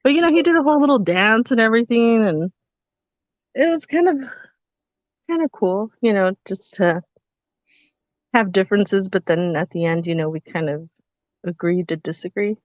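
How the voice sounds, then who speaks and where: A woman's voice: medium pitch, lively intonation, normal speed, long pauses, no room sound. Woman, podcast co-host, teasing chatty storyteller, muffled sound, dry room. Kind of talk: casual storytelling chat.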